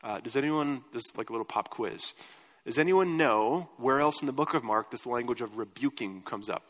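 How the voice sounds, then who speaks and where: A man's voice: mid-range voice, a little fast, a bit bright. Conversational man preaching in a reverberant hall. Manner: conversational preaching with fillers and questions to the congregation. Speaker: pastor. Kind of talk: sermon.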